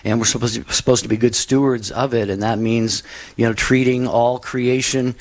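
A man co-hosting a faith-based call-in radio show, speaking slowly and earnestly. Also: mid-range voice, steady tone. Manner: slow, earnest, reflective. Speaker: radio co-host.

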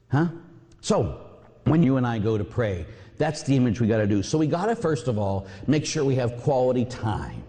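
A Catholic priest preaching a sermon, telling stories with lively energy and acting out voices. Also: male voice, mid-range voice, moderate pace. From Pittsburgh area. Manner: animated storytelling, acts out voices. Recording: long hall reverb.

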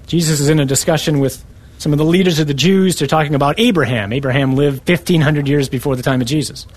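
A man's voice: on the high side, fast talker. A man preaching a sermon and reading scripture, emphatic and driving his points home with rhetorical repetition.

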